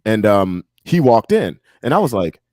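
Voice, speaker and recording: Deep-voiced laughing man. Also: moderate pace, dry recording, clean studio sound. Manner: laughs often, animated storytelling. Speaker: podcast guest, musician and MMA analyst. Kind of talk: casual chat.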